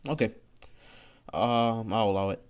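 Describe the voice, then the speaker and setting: A man voicing a weary, gruff adult male teacher in a quiet tone, in a fan story he is improvising. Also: on the low side, steady tone, unhurried, close to an everyday voice. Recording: dull lo-fi recording.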